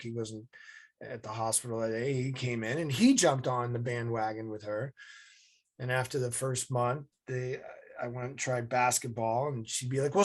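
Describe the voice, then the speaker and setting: A man telling vivid stories as an interview guest over a video call. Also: mid-range voice. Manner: animated, vivid storyteller. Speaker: guest, leadership advisor and former Navy SEAL. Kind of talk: storytelling interview answer.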